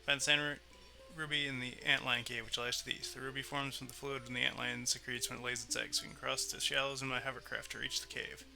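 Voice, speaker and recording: A man's voice: medium pitch, little pitch movement, fast, gravelly, sharp tone, faint music behind. A man voicing a timid, heartbroken young male prince and bard in a video game, speaking in a meek, hesitant way. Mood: earnest. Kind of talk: reading game dialogue aloud.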